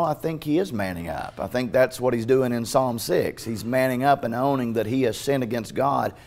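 In a church sanctuary, a male pastor with a medium-pitched voice preaches a sermon that swings between hushed, tender passages and loud, urgent ones, restarting often.

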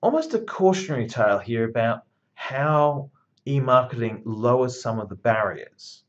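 A man's voice: medium pitch, animated, normal speed, lo-fi sound. A man giving a university lecture in a conversational, emphatic way, with blunt asides.

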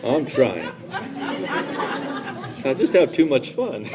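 A man's voice: a little high, extremely slow, long pauses, a crowd in the background. Male conference preacher, playful and fiery, congregation audible behind him. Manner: lively and joking, laughs often, builds to shouted prayer. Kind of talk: live charismatic sermon. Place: large church conference hall. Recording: live hall with audible congregation. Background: congregation calling out amens.

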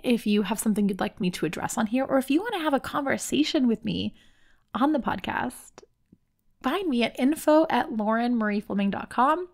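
A woman hosting a podcast, talking to listeners in a casual, chatty and informal way. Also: a little high. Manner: chatty and informal, with frequent "like" and laughs. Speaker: podcast host.

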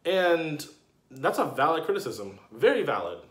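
A man with a slightly high voice talks through a casual video review. He rants in an animated, indignant way, full of slang and fillers. His voice echoes in a roomy space. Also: normal speed. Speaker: TV episode reviewer.

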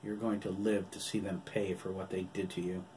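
Guy doing stern loyal young dude, low and quiet, faint hiss. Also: little pitch movement, a little fast, recorded from a distance, close to an everyday voice.

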